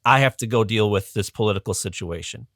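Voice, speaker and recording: A man's voice: lowish voice, quick pace, a bit bright, no echo, studio quality, pitched below the performer's own voice. A man voicing a brusque ancient king who gives curt orders.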